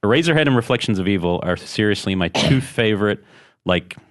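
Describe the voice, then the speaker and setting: A man co-hosting a podcast in casual chat, talking in a rambling way with deadpan ribbing of his co-hosts. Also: fairly low pitch, quick pace. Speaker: podcast co-host.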